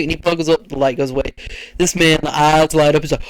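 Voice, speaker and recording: A man spins rambling workplace stories in a lively, slightly high voice. He jumps up into squeaky voices whenever he acts out customers. The sound is close and dry, with no room echo. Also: quick pace, clean tone. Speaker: podcast co-host. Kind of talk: casual storytelling chat.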